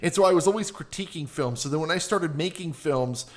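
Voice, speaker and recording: Animated middle-aged male radio host. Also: on the high side, brisk. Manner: animated storyteller, acts out quotes. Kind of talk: casual interview chat.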